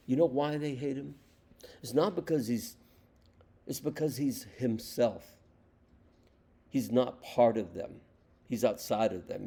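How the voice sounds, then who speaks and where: A man's voice: medium pitch, moderate pace, vocal fry, mellow, husky. A man from the United States giving an impassioned political monologue, emphatic and repetitive, firing off rhetorical questions. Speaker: political commentator.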